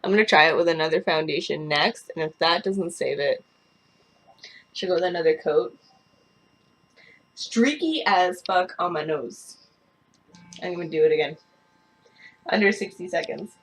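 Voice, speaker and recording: A woman's voice: on the low side, normal speed, pauses often. A young woman vlogging a makeup review, talking casually and bluntly, swearing and ranting. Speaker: beauty vlogger.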